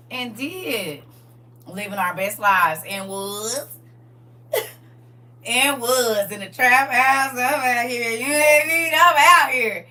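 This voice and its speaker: A woman of about forty chats through a string of memories, animated and slangy, laughing as she goes. Her voice is high-ish and bright with a forceful edge. She sits a bit back from the mic, and a faint hum runs underneath. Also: distant mic. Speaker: livestream co-host. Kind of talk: casual storytelling chat.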